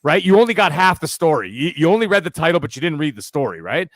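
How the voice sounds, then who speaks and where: Man chatting casually, slightly high voice. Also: fast talker, dry recording. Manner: animated, profane, repeats "right?". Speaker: podcast co-host. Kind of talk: casual chat.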